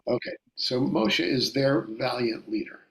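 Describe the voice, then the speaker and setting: A man teaching a Bible study lecture in a deliberate way, often repeating and restarting his phrases. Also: medium pitch, expressive, vocal fry, a bit bright, poor audio. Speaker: Torah teacher.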